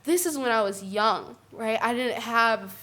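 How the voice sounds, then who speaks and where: Woman, higher voice, bright tone, animated talk, panel discussion, keeps saying "right?". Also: unhurried. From Puerto Rican family. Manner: animated, tags points with "right?".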